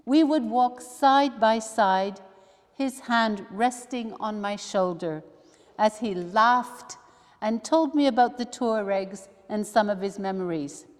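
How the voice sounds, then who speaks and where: A woman, a religious sister, leading a study day, talking slowly and thoughtfully with soft asides as she reads aloud. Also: mid-range voice. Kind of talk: reflective teaching talk with readings. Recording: long hall reverb.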